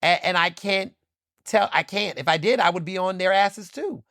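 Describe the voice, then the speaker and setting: A man's voice: high-pitched, moderate pace, a bit bright, no room sound, studio quality. A man hosting his own podcast, giving fired-up commentary with emphatic repetition, swearing and many "like" fillers. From Philadelphia. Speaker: podcast host. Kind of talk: impassioned solo commentary.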